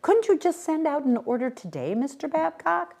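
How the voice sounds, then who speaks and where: A woman's voice: sits high, big pitch swings, moderate pace, vocal fry, voice pushed up, full character voice. A woman reading aloud, voicing a fretful older woman in a plaintive, pleading tone. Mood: anxious, pleading. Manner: plaintive, pleading, rising to a near shout. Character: fretful older city woman, summer resident.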